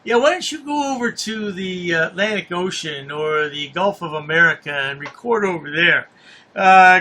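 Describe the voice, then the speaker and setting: A man's voice: sits high, bright, forceful tone. A man hosting a commentary voice-over, sarcastic and scoffing. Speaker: commentary host.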